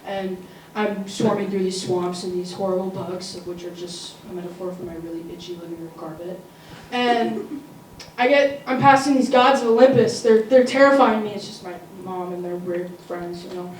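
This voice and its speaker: A woman's voice: medium pitch, moderate pace, a little mellow. A teenage girl telling a funny personal story at a live school story slam, with comic asides to the audience. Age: teens. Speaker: student storyteller. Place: school auditorium. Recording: roomy, distant mic, faint noise.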